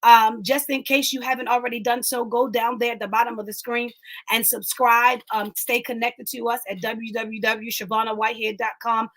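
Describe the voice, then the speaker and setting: A woman's voice: on the high side, little pitch movement, normal speed, fairly bright tone. A woman hosting an online inspirational talk, preaching with emphatic repetition and speaking directly to live viewers. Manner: emphatic, repeats lines, talks to live viewers. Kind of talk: preaching-style encouragement.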